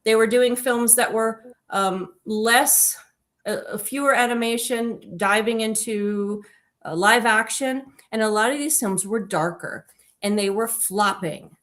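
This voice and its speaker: A woman's voice: a little high, unhurried, fairly bright tone. A woman co-hosting a casual film discussion, enthusiastic and digressive, often correcting herself mid-sentence. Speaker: podcast co-host and author.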